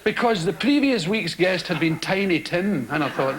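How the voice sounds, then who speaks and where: A man's voice: high-pitched, normal speed, hardly any pauses, very noisy. A Scottish man doing stand-up, telling rambling stories to a live theatre audience. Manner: animated, rambling, mock-indignant. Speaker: stand-up comedian. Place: stage of a large theatre.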